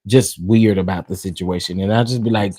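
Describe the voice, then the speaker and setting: A man from West Texas with a Southern accent, hosting a live panel stream in casual chat, folksy and quick to laugh. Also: deep voice, steady tone, dark tone, dry recording. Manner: chatty, laughs often, folksy slang.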